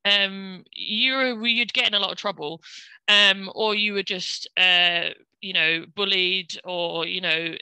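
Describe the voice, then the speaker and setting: Bright English-accented woman chatting. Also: mid-range voice, smooth, no room sound, low-quality recording. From England, London. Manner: chatty, frequent fillers and laughs. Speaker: guest. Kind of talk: casual conversation.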